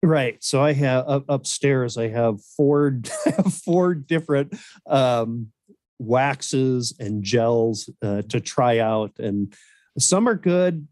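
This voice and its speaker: A middle-aged man, a podcast guest, telling animated anecdotes in casual chat and laughing often, on a video call. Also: mid-range voice, slow, dry recording, studio quality.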